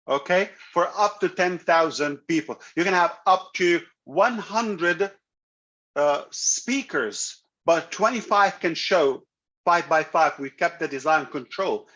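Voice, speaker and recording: A man hosting a live online meeting, pitching a product with emphatic, repeated phrases. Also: fairly bright tone. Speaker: company leader hosting a live web meeting. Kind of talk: enthusiastic pitch to an online audience. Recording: dull lo-fi web call audio.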